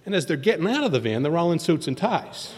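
A long hall reverb surrounds this middle-aged man as he shares his own story at a recovery meeting. His fairly high voice is sing-song and quick, with a little hiss or hum in the background, and he wanders through the tale while voicing what others told him.

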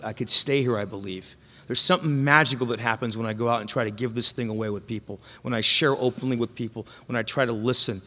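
Speaking with a medium-pitched, slightly bright voice, a man shares his recovery story with a meeting audience, candidly poking fun at himself and frequently breaking off sentences to begin again. A long reverb fills the hall.

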